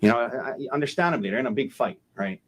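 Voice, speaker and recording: A man's voice: medium pitch, fast talker. A man, a defense attorney, giving a courtroom opening statement, emphatic and repeating key phrases for effect.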